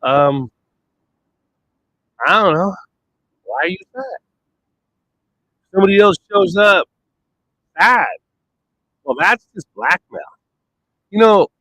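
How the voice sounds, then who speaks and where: A man's voice: fairly high pitch, a bit bright, dry recording, low-quality recording. A man rambling through a blunt, profane monologue, swearing constantly and trailing off before picking his thread back up. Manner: wandering, trails off and restarts.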